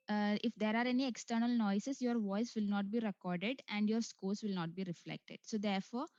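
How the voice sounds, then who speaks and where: Higher-pitched woman walking through a test. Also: a little mellow, no echo, muffled recording. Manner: step-by-step instructional, frequent "uh" and "so". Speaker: online test tutor. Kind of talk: screen walkthrough tutorial.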